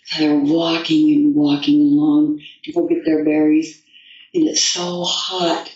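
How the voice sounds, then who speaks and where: A woman storyteller telling a folktale and a personal story in an unhurried, rambling way with restarts. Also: deep voice, level tone, darkish tone. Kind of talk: told folktale and personal anecdote. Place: festival venue. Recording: dull distant echoey room recording.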